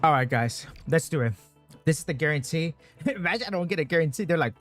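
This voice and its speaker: A male streamer chatting to his viewers over a game, cursing constantly and getting worked up in bursts. his pitch leaps around wildly as he reacts, with soft game music playing behind him. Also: fast. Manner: swears constantly, excitable, talks to chat. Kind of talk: casual gaming stream chat.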